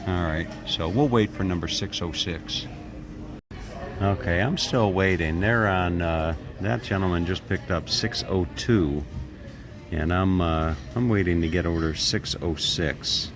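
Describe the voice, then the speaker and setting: Deep-voiced American man vlogging outdoors. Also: measured pace, over music. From United States. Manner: rambling, folksy, restarts phrases often. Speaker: travel vlogger. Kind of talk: casual walk-and-talk vlog. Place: outdoors at a takeaway shop at night. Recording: outdoor street noise behind. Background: traffic and street ambience.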